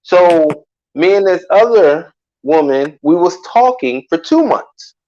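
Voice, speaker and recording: A man telling a personal story in casual chat, animated and loose with street slang, acting out what people said. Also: fairly high pitch, slow pace, highs cut off. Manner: animated, acts out quoted lines loudly, salty slang.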